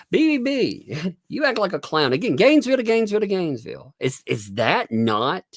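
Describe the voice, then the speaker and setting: A man's voice: medium pitch, gravelly, no room sound, studio quality. A middle-aged man hosting a live commentary stream on a court case, sarcastic, laughing often and swearing. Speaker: commentary livestream host.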